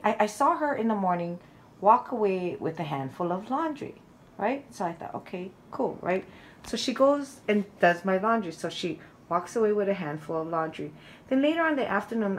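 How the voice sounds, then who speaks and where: A woman's voice: medium pitch, poor audio. A woman vlogger telling a rambling personal story in a casual, chatty way, full of fillers and restarts. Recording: faint background water noise. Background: loud waterfall noise.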